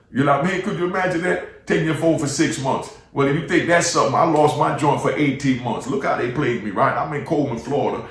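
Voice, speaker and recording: A man's voice: medium pitch, fairly bright tone. A middle-aged man with a New York accent telling casual stories about prison life in street slang, often checking in with "you know what I mean?". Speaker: former inmate storyteller. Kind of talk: casual storytelling monologue. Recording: echoey room, mic at a distance.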